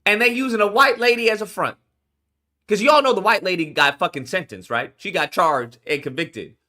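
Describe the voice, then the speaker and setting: A man reacting to news clips in profane, animated commentary, incredulous and blunt. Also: sits high, moderate pace.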